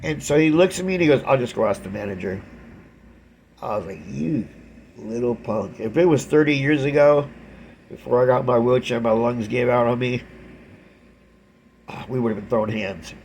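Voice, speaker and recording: A middle-aged man vlogging, retelling a story in a rambling, animated way and acting out the other people's lines. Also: medium pitch, brisk, slight background noise. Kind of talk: casual storytelling to camera.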